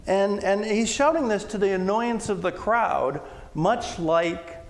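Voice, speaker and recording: A male pastor giving a conversational sermon, now and then acting out loud shouted quotes. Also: on the high side. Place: church sanctuary. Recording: long church reverb, faint room noise.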